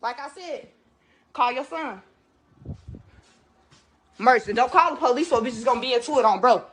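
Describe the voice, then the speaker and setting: A woman's voice: on the high side, lively intonation, normal speed. A woman in a heated, profane confrontation, angrily threatening and repeating her demands. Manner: angry, profane, threatening, repetitive. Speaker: confronting a neighbor over theft. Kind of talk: heated confrontation filmed on a phone.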